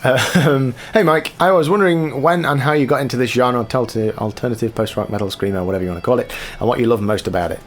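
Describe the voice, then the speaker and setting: A man who chats casually in a question-and-answer video, rambling in a relaxed way with frequent ums as he reads questions aloud and answers them. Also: mid-range voice, quick pace, few pauses, slight background noise. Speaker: guitar cover musician answering viewer questions. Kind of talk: casual Q&A chat.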